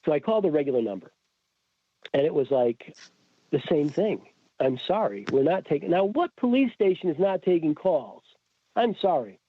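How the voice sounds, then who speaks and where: A man's voice: fairly high pitch, moderate pace, pauses often, husky, no room sound. A man guest telling a story in casual chat, acting out quoted dialogue. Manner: animated, acts out quoted dialogue. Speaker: podcast guest. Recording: tinny phone-like remote call.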